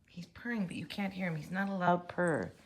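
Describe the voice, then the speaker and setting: A woman's voice: on the low side, a little fast, gravelly. A woman hosting a casual crafting vlog, chatty and upbeat, calling her crafts cute. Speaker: craft channel host.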